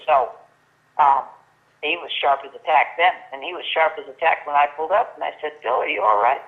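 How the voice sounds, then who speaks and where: A woman's voice: deep voice, a little fast. Older woman telling a story over the phone. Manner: lively storyteller acting out quoted dialogue, many restarts. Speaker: guest. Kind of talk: storytelling in casual chat. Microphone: telephone. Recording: tinny phone line.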